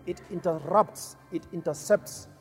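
Middle-aged guy preaching, fairly high voice, repeats lines slow and heavy, soft music behind. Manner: repeats key phrases, slow emphatic delivery. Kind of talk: sermon.

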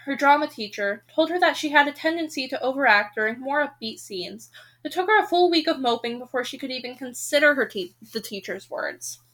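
A woman hosting a podcast, reading a novel aloud and reacting with expressive, emotional outbursts. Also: high-pitched. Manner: expressive reader who breaks off into emotional rants.

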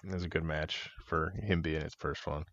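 A man's voice: rumbling low, steady tone, normal speed, fairly bright tone, dry recording. A man co-hosting a podcast, telling locker-room stories in casual chat, laughing often and swearing freely. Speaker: podcast co-host, wrestler. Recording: dull, muffled audio.

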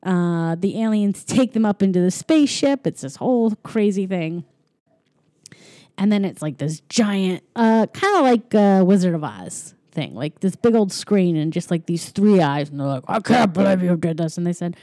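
A woman co-hosting a podcast, casually retelling a movie plot with giggles and quick acted-out lines. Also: lowish voice, expressive, dark tone, dry recording, studio quality. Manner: rambling, giggly, acts out lines in quick voices. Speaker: podcast co-host. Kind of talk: casual chat recapping a movie.

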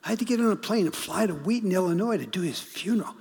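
A middle-aged male pastor preaches in a church, his somewhat high voice carrying a gravelly edge. He moves between urgent, pressing delivery and near-whispered asides. The sanctuary gives a long reverb tail over faint room noise. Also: lively intonation, fast talker. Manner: storytelling, swinging from urgent to hushed whispers. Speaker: guest pastor. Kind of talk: sermon.

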